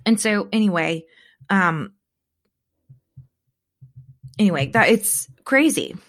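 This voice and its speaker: A woman hosting a podcast, telling stories in a rambling, animated way and acting out what people said. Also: medium pitch, slow pace. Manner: rambling, animated storyteller who acts out quotes. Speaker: podcast host. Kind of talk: casual chat.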